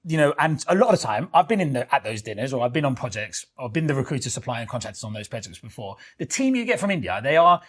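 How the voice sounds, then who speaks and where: A man's voice: medium pitch, very animated, fast, few pauses. A man co-hosting a studio podcast, telling a story in casual chat, full of fillers and swearing. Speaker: podcast co-host.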